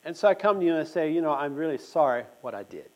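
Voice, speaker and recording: A man who just had a tooth pulled gives a conversational sermon at a church meeting, speaking fast in a fairly high, animated voice. He's earnest and addresses his listeners directly with questions. The recording is low quality.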